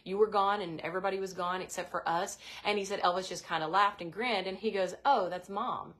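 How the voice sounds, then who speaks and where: A woman's voice: medium pitch, steady tone, fast, a bit bright. A woman co-hosting a casual chat, retelling a spooky story with many fillers. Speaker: co-host.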